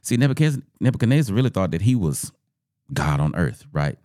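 A man's voice: deep voice, big pitch swings, fast, warm tone, no room sound, studio quality. A man giving a casual, conversational sermon, often repeating words and checking in with "right?".

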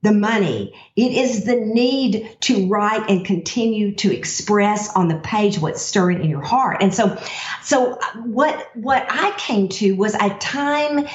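A woman guest author, effusive and quick to laugh, speaking from heart. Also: mid-range voice. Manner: warm, effusive, laughs often. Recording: roomy, distant, dull remote line.

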